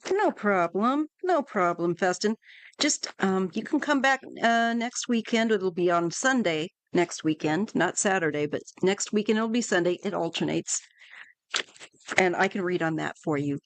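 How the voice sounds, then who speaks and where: A woman's voice: lowish voice, moderate pace, dry recording. A woman doing a live tarot reading for viewers, chatty and reassuring, with many fillers and restarts. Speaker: tarot reader.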